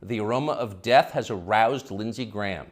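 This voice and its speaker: A man hosting a commentary show, delivering a scripted opinion monologue in a sarcastic, mocking way. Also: moderate pace. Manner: sarcastic, mocking delivery with sudden high swoops.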